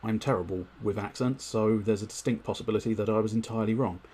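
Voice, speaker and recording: A man talks through a live gaming stream in a lowish, husky voice. He speaks in a wordy, politely formal way, full of ums and self-corrections. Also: fairly even intonation, fast talker, warm tone. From United Kingdom. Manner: wordy and politely formal, with many fillers and restarts. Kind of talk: casual live-stream chat.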